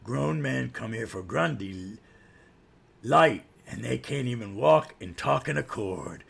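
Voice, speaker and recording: A man voicing a hulking undead male swamp brute, slow and mocking. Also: medium pitch, animated, gravelly, husky, heavily acted. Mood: menacing.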